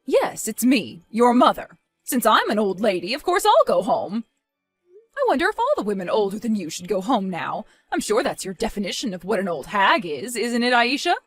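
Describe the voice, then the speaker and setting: A woman voicing a calm but stern mother in her fifties who scolds her daughter in a reproachful tone. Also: fairly high pitch, moderate pace, slightly rough, no room sound, soft background music, heavily acted. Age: 50s. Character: disappointed mother near retirement, stern.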